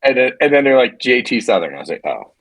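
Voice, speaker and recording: A man co-hosting a casual podcast chat, rambling and animated, with frequent restarts and swearing. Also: medium pitch, fast, slight background noise. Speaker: podcast co-host.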